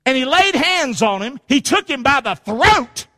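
A man preaching a sermon with call-and-response, animated, swinging from shouting to low, quiet talk. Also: measured pace, few pauses. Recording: long hall reverb.

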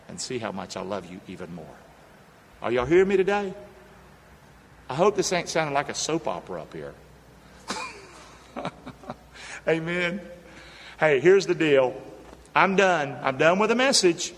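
A man's voice: medium pitch, a bit bright, long reverb tail, a little hiss or hum. A man preaching a sermon in a church, urging the congregation to call back to him. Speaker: pastor. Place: church sanctuary.

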